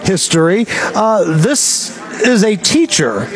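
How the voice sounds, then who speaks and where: A man's voice: sits high, big pitch swings, takes it slowly, crowd noise. A man hosting a radio show, chatting casually and laughing often.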